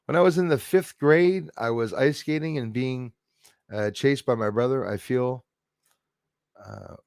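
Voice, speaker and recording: A man's voice: medium pitch, a little slow, gravelly, a little mellow, no room sound, clean studio sound. A man hosting a casual livestream, chatting loosely and reading out viewer comments with frequent laughs and fillers. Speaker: livestream host.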